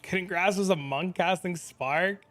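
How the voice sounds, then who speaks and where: A young man streaming a game, chatting casually, excitable and swearing freely as he reads chat aloud. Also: high voice, a little slow, faint music behind.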